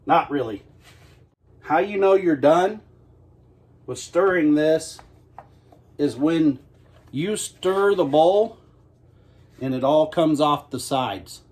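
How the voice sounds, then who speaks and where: A man's voice: on the high side, animated, slow, pauses often, a little mellow. Folksy man joking through a cooking demo. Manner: joking, folksy, self-mocking. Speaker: homestead cooking host. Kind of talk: casual cooking demonstration. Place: home kitchen.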